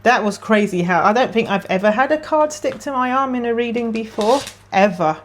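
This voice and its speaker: Her voice is a little high, expressive and fairly quick as she gives a relaxed tarot reading on camera. The reader is emotional and talkative, voicing her thoughts as she draws the cards.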